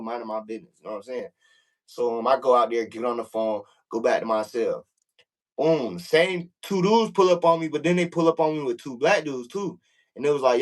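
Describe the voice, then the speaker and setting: A young man, a podcast guest, telling a story in casual chat, loose and profane, full of filler phrases, getting louder when he acts out confrontations. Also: poor audio. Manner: loose, profane, full of "like" and "you know what I'm saying"; gets loud and high when reenacting confrontations.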